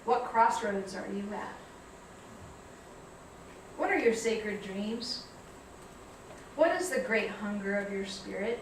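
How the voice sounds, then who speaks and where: A woman with a slightly high voice gives a reflective, measured public talk, moving easily into storytelling. She is heard from a distance in a very echoey hall, with faint room noise behind her. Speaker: guest speaker. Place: lecture hall.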